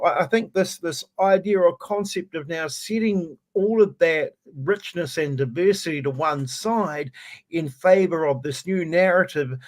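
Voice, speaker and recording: A man with a New Zealand accent, ranting in a lively, self-mocking way as he co-hosts a casual talk show. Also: a little high. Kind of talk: casual chat.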